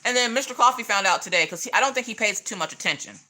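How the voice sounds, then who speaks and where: A middle-aged woman with a Southern accent, chatting casually on a craft livestream, sassy and quick to laugh. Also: on the high side, expressive, pushed and bright, a little hiss or hum. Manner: chatty, sassy, laughs often, jokey asides. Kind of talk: casual chat while coloring.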